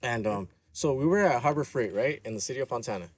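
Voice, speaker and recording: A man's voice: mid-range voice, animated, fast, slight background noise. A man telling a profane, slangy story in casual chat.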